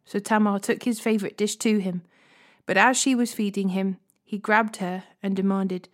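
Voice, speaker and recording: A woman reading a Bible passage aloud as a steady storyteller, hosting a daily reading series. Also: medium pitch, normal speed. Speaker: Bible reader.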